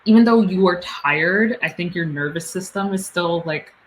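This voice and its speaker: A woman guest on a podcast with a notably low voice, talking in a relaxed, casual way full of fillers. A faint hiss of noise sits behind her. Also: normal speed, low-quality recording. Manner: relaxed, filler-heavy chat. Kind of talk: casual interview chat.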